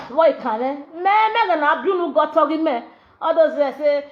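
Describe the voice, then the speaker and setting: Loud mocking nigerian pidgin lady doing gossip commentary, high voice, muffled lo-fi sound. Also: a little fast. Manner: brash, mocking, switches between pidgin and local language. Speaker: gossip show host.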